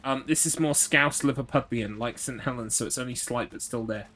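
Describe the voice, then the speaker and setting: A man's voice: medium pitch, fairly quick, pushed and bright, slight background noise. Male streamer, casual live chat over gameplay, rambling anecdotes, swears a lot. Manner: rambling, swears freely, chatty asides. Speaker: streamer playing a horror game.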